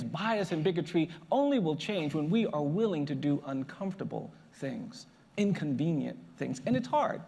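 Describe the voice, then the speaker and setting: Gravelly man, slightly high voice, emphatic speaker, long hall reverb. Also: a little mellow. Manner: emphatic, building repetition. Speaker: lawyer and public speaker. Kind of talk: motivational speech.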